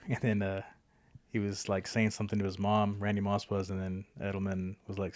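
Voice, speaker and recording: A man's voice: lowish voice, completely flat delivery, brisk, darkish tone, no echo. A man co-hosting a podcast, talking loosely in a joking, rambling casual chat. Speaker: podcast co-host.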